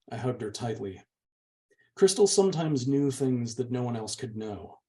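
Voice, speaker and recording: A man's voice: medium pitch, animated, moderate pace, warm tone. A man, the channel's host, steadily reading a novel's chapter aloud. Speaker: book reader, channel host.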